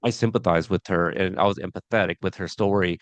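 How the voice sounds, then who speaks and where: A man's voice: low-pitched, steady tone, fast talker, no echo. A man co-hosting a podcast review of a TV episode, talking casually with lots of fillers and restarts. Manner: chatty, many fillers and restarts.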